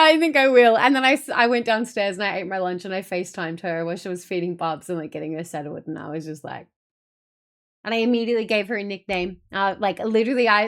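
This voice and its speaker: A woman's voice: medium pitch, a bit bright. A woman streamer in casual chat with her viewers, telling stories in a rambling, chatty way with many fillers and casual swearing.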